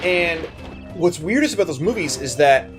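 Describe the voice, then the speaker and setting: Rambling joking man, lively pitch. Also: normal speed. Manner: rambling, joking, swears freely. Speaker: let's play co-host. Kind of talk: casual gameplay commentary. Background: game music.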